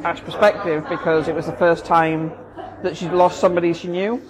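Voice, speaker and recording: A woman's voice: lowish voice, steady tone, brisk, a crowd in the background, rough recording. A woman, a therapist co-hosting a casual talk, explaining her ideas thoughtfully with examples. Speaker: therapist, podcast co-host. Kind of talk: casual conversation.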